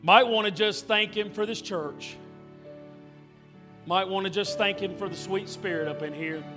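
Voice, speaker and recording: A man's voice: high voice, a little slow, big-room sound, music in the background. A man preaching a revival sermon in church, telling a story emphatically and repeating his phrases. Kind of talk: revival sermon with altar call. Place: church sanctuary.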